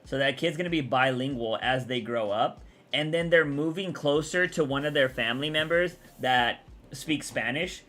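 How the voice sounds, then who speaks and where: A young man from Texas, chatting casually on a livestream, rambling and answering chat out loud. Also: medium pitch, moderate pace.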